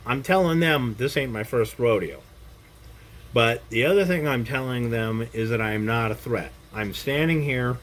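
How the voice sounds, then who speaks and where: A man's voice: medium pitch, fairly bright tone. Blunt older man teaching, faint hiss. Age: middle-aged or older. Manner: blunt and profane, checks in with "Okay?" after points. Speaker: self-defense instructor. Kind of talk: casual lecture to camera.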